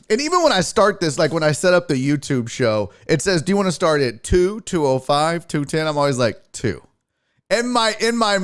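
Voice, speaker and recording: A chatty man hosts his show in a loose, rambling monologue. His pitch sits a little high and swings widely as he tells a story. He acts out the lines of his cat and of himself in squeaky voices. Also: a bit bright, smooth. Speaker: sports show host.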